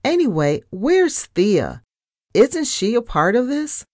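Lady doing a nervous squeaky storybook mouse guy, goes high fast. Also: sing-song, a little mellow, no room sound, studio quality, exaggerated voice. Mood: protesting. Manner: squeaky and whiny when upset. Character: fretful male mouse, fussy and squeaky.

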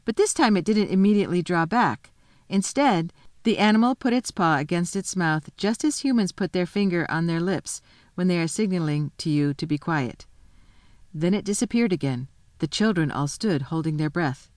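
A woman reading a children's storybook aloud in a calm, measured way. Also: fairly low pitch, dry recording, clean studio sound. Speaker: audiobook reader.

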